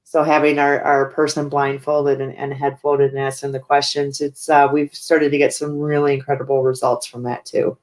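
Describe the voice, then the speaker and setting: A woman's voice: sits low, flat delivery, normal speed, few pauses, a little mellow. A woman who owns a haunted house, telling her ghost-hunting stories in a casual chat with lots of fillers and restarts. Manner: chatty, many fillers and restarts. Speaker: haunted house owner and paranormal investigator. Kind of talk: casual storytelling interview.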